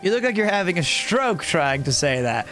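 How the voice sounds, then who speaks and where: Bright, high-voiced male streamer, playful chatter. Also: very animated, normal speed, soft background music. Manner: rambling, playful, jokey. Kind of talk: casual live-stream chat.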